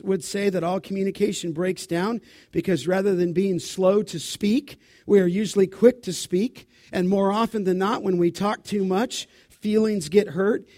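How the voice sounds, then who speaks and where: A high-voiced man preaching in church. He quizzes his listeners and fills in the answers himself, then lifts into loud, dramatic scripture reading. The recording is close and dry, with almost no room sound. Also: dry recording. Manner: asks the congregation questions and answers them; dramatic Bible reading, rising loud for quotes. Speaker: pastor. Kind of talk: sermon.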